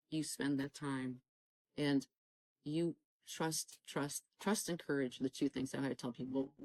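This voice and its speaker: A woman's voice: low voice, a little mellow, no room sound, low-quality recording. Earnest woman giving a fervent faith testimony. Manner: fervent, exhorting, acts out quoted dialogue. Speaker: guest sharing a faith testimony.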